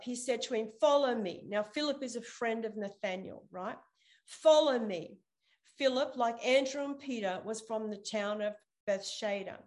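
A woman pastor giving an online sermon, retelling a Bible story with animated storytelling and acting out the characters' lines. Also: on the high side. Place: online church service over video call.

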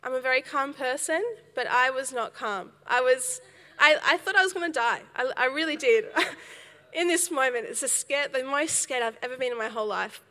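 A young woman giving a sermon, telling a story in a lively way with laughs and acted quotes. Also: high-pitched, moderate pace, long reverb tail. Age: young adult. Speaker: speaker at a church service.

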